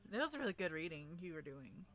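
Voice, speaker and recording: Hosting a livestream where friends read fanfic together, a woman talks fast in a low voice with big pitch swings, giggling often between lines, putting herself down, and stumbling and restarting her words. Crowd noise is audible behind her.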